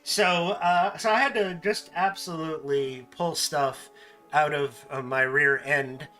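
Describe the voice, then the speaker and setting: A man hosting a casual stream, telling animated stories and laughing often. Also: a little high, a little slow, soft background music. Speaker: streamer host. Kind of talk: casual chat.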